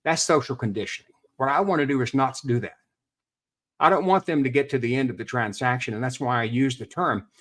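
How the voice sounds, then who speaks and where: Earnest man explaining patiently. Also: medium pitch. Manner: earnest, explanatory, repeats words while thinking. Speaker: real estate expert guest. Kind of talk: podcast interview.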